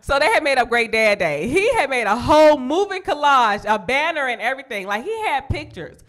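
On a club stage, a brash young woman from Chicago delivers profane stand-up, slipping fast into high squealing voices whenever she quotes someone. Her pitch swings widely and her tone is a bit bright.

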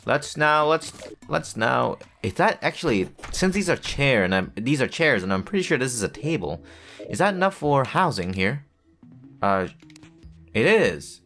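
A man's voice: medium pitch, animated, a little slow, pauses often, fairly bright tone. Male gamer, rambling self-talk with jokey asides, faint game music underneath. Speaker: gaming video creator. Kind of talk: casual gameplay commentary.

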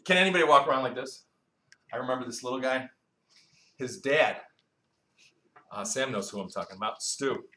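A man's voice: mid-range voice, normal speed, pauses often, sharp tone. A male preacher teaching a Bible sermon in a conversational way, quizzing the congregation with questions he often answers himself. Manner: conversational, with asides and storytelling. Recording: roomy echo.

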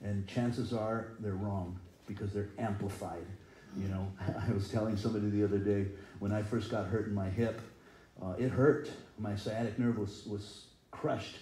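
A man's voice: lowish voice, fairly even intonation, normal speed, warm tone. Earnest male pastor in a roomy church. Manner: earnest, rises and falls in intensity, acts out quoted cries. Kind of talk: sermon. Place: church sanctuary.

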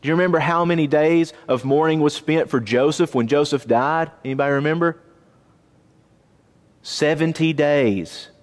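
A man teaching a Bible class in a church auditorium, lively and questioning his listeners. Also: a little high, moderate pace. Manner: animated, asks the class questions. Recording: long reverb of a church auditorium.

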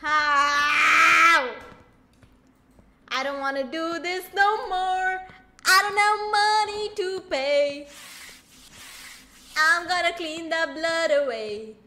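A young woman streaming a horror game, talking loudly and excitably, swearing and sometimes screaming. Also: extremely high pitch, very slow, long pauses. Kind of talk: let's play commentary. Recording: game music behind her voice.

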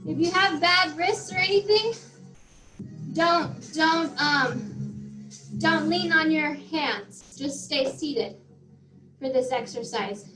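A woman fitness instructor leads a workout class, counting down reps and encouraging everyone while she exercises, audibly out of breath. Her voice is high and slow with long pauses, captured in a roomy, rough recording with faint music behind her.

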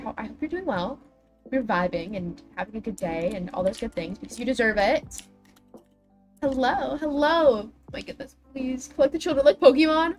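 A woman's voice: fairly high pitch, moderate pace. A young woman livestreaming a building game, chatting with her viewers in a dramatic, self-mocking way. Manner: chatty, dramatic, self-deprecating, talks to chat. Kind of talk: casual game stream chat. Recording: faint music behind.

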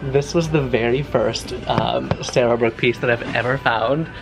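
Young male vlogger, gravelly fry in his voice, animated and chatty over background music. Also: medium pitch, measured pace. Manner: animated, chatty, with dramatic reactions. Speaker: lifestyle vlogger. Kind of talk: shop-with-me vlog narration. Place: large home decor store.

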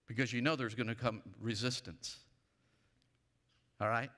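A man's voice: medium pitch, steady tone, measured pace, bright, forceful tone. A man pastor preaching a sermon emphatically, leading his church in call-and-response. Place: church sanctuary. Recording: long reverb of a church hall.

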